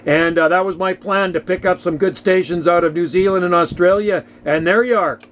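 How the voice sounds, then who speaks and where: A man's voice: sits high, steady tone, fairly quick, slight background noise. A man chatting casually over ham radio from his home radio shack, friendly and full of radio lingo. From Canada. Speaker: radio operator.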